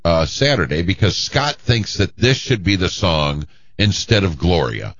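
Very deep guy on sports radio, bouncy delivery, stumbles and repeats, lo-fi. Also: big pitch swings, fairly bright tone. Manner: halting, repeats himself. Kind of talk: casual sports radio chat.

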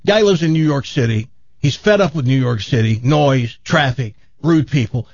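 A man hosting a radio talk show, telling a long joke in a casual, animated way, his jaw sore after dental work. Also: medium pitch, normal speed, no echo, dull audio. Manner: animated joke-telling, laughs at own story.

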